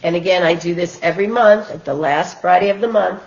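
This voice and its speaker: A woman hosting a children's storytime, reading picture books aloud in a gentle, expressive way. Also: fairly low pitch, fairly quick, lo-fi sound. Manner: gentle, expressive, sing-song. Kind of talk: picture book read-aloud for toddlers.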